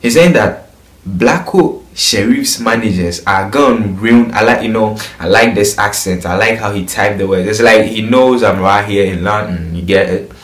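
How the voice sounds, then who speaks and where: Low-voiced Ghanaian man gossiping in a roomy space. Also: normal speed, a bit bright. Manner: chatty, keeps asking "you get it?". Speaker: entertainment vlogger. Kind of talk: casual gossip commentary. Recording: roomy echo.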